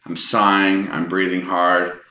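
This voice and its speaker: A man's voice: low voice, flat delivery, a little slow, bright, forceful tone. A middle-aged man from Texas telling personal anecdotes in a casual, rambling way with frequent ums and restarts. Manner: rambling, hesitant, many ums. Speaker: storyteller. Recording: echoey room.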